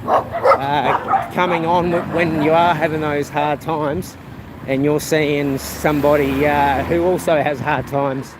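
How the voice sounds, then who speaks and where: A man's voice: on the high side, steady tone, slow. Rambling New man streaming outdoors. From New Zealand. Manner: rambling, chatty, reads viewer comments aloud. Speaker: live streamer. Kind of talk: casual walking live stream. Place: outdoors on a rural path. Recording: outdoor noise with passing vehicles. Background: outdoor ambience, animals, vehicles.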